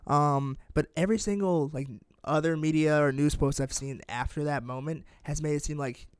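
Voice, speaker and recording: A young man co-hosting a sports podcast, talking in rapid, animated bursts and often trailing off mid-sentence. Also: on the high side, clear, resonant tone. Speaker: podcast co-host. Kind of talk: casual sports chat.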